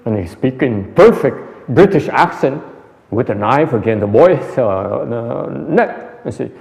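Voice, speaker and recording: A man's voice: medium pitch, animated, measured pace, vocal fry, a little mellow. A man giving a conversational dharma lecture, repeating phrases and answering questions. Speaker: meditation teacher. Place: meditation hall. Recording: muffled hall recording.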